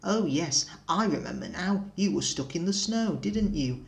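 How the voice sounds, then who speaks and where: A man's voice: high voice, expressive, unhurried, gravelly, pitched above the performer's own voice, exaggerated voice. Brief: drawling cheeky bus, a man voicing him. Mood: mocking. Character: boastful male country bus, teasing.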